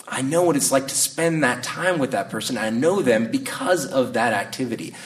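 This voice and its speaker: A man, preaching a sermon in a conversational, reflective way, sometimes pausing and restarting his sentences. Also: medium pitch, expressive. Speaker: pastor. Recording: voice a bit distant from the mic.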